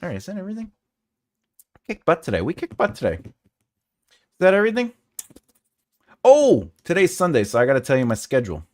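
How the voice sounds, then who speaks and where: Man, forties, writing channel host, casual chat, lively swinging pitch, jokey, laughs a lot. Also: brisk, pauses often. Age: 40s. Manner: jokey, laughs often, rambling asides.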